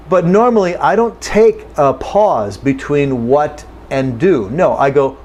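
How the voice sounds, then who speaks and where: A man teaching English pronunciation, patiently saying phrases slowly and then at normal speed. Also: a little high, animated, a little mellow, a little hiss or hum. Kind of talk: pronunciation lesson.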